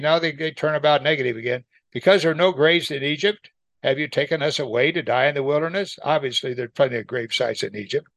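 A man's voice: fairly high pitch, fairly bright tone, dry recording. A man leading a Bible study, reading scripture aloud and explaining it in plain conversational talk, often asking his listeners questions. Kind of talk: verse-by-verse Bible teaching.

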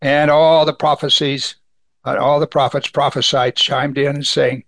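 A man's voice: on the high side, fairly even intonation, normal speed, fairly bright tone, dry recording. A man preaching a sermon, reading scripture aloud and explaining it in a conversational way.

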